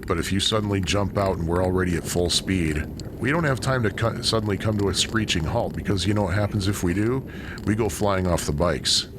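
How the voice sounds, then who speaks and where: A man with a deep, low voice chats as he rides through city streets, drifting into rambling, self-deprecating asides. He is recorded on an action camera out in the open, with loud wind and traffic noise behind him. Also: a little fast. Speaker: cycling vlogger. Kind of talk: casual narration while riding a bike. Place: outdoors on a city bike trail and streets. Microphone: bike- or body-mounted action camera.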